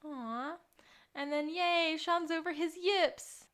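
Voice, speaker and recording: A woman co-hosting a podcast, chatting casually and giggling as she recaps a TV episode. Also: very high voice. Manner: giggly, animated, quick reactions. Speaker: podcast co-host.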